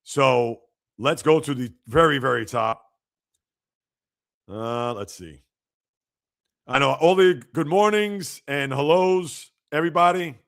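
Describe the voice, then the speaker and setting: A man hosting a live sports podcast, reacting to news and reading out viewer comments in an animated, chatty way. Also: a little high, slow, long pauses. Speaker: podcast host.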